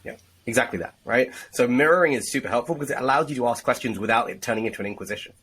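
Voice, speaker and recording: A man's voice: mid-range voice, racing, a bit bright, breathy edge, low-quality recording. A man co-hosting a casual sales chat, explaining techniques with blunt, profane emphasis. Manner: profane, emphatic, teaching with examples. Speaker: sales trainer, co-host.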